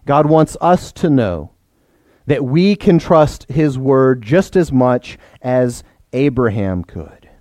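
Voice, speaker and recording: A man's voice: mid-range voice, animated, slow, dark tone, no echo. A man preaching a sermon to his church, explaining plainly and putting questions to the children. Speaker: pastor.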